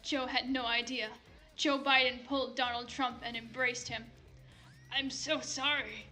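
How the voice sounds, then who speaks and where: A woman's voice: fairly high pitch, level tone, moderate pace, pushed and bright, soft background music. A young woman doing a casual comedic fanfic reading. She rambles, swears and interrupts herself. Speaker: fanfic reader.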